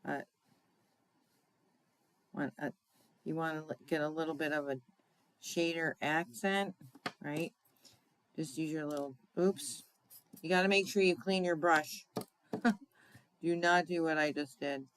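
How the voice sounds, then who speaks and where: Woman demoing card crafts, slow and easygoing, chatty, laughs off her mistakes. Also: low voice, steady tone, a bit bright, slight background noise, low-quality recording. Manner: chatty, unhurried, often asks "right?"; laughs at own slips. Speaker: crafting demonstrator. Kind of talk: card-making tutorial demo.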